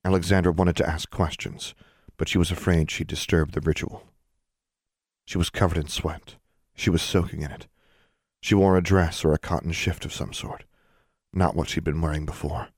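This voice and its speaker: Deep-voiced man reading a story, dry. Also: steady tone, moderate pace, dry recording. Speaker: audiobook narrator. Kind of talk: scripted narration.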